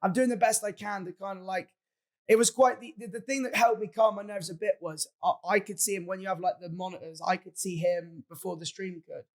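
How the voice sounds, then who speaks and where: A young man talks quickly and eagerly, stumbling over restarts as he tells his stories. His voice sits high for a man. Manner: fast, excitable storytelling with many restarts. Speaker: guest content creator. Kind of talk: casual podcast chat.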